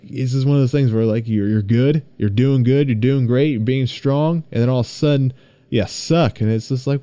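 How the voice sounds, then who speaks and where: A man's voice: mid-range voice, mellow, no echo. Dry-voiced young man venting on a podcast. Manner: rambling, swears freely, gets worked up venting. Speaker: podcast host and streamer. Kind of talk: casual solo gaming podcast.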